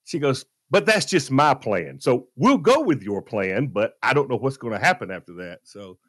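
A man's voice: medium pitch, moderate pace, no echo, studio quality. A middle-aged man co-hosting a radio show, telling a self-deprecating story and acting out the dialogue. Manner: animated, self-deprecating storyteller who acts out quoted dialogue. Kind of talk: casual talk radio storytelling.

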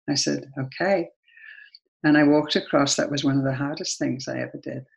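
A woman's voice: deep voice, steady tone, moderate pace, creaky, low-quality recording. A woman with an English accent, a guest sharing a personal story earnestly and then leading a prayer. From England.

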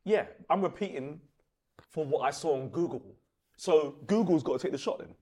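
A man as a podcast guest in casual chat, making absurd claims with deadpan joking. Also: normal speed. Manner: deadpan absurd joking, lively pitch swings.

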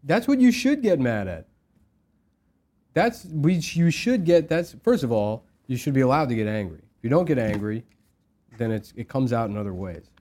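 A man co-hosting a podcast, arguing in a deadpan, bickering way during casual comedic banter. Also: medium pitch, moderate pace. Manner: deadpan, argumentative. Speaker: podcast co-host.

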